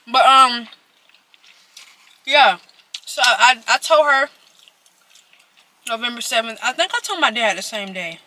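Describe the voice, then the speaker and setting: Young woman vlogger, chatty storytime over a meal, bright and a bit high. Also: no room sound. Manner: chatty, animated, addresses viewers directly. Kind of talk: casual storytime while eating.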